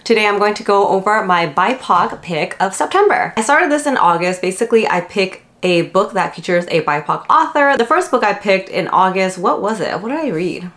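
A woman's voice: medium pitch, animated, moderate pace, hardly any pauses, fairly bright tone. A young woman with a lisp from her retainers, chatting casually in a book vlog with lots of fillers. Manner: lisping from retainers; chatty, rambling with many fillers. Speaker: book vlogger. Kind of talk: casual chat.

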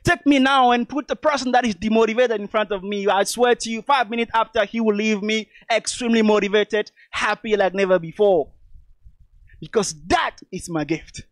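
A man's voice: sits high, fairly even intonation, moderate pace, no echo. A man from Togo, giving an emphatic motivational speech and calling his audience "lovely people". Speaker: motivational speaker.

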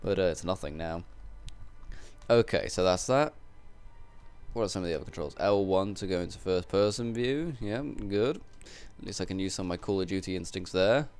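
A man's voice: low voice, normal speed, darkish tone, clear, resonant tone, soft background music. A young man casually commentating a video game, joking and rambling with crude asides. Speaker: gameplay commentator. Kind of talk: casual let's-play commentary.

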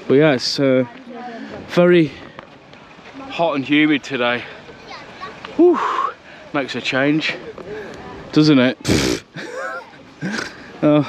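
A man takes it slowly, leaving long pauses, as he chats and rambles through a casual vlog of his seafront walk. His mid-range voice has lively intonation and he laughs easily. It was filmed outdoors on a seaside promenade with a handheld action camera.

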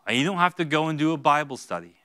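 A male pastor preaching a sermon in a church, going from hushed, slow lines to loud, high-pitched bursts. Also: animated. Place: church sanctuary.

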